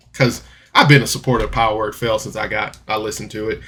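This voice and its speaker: A man's voice: lowish voice, steady tone, quick pace, sharp tone. A man telling a personal story to camera in a rambling, candid way, with frequent restarts and rueful laughs. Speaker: vlogger.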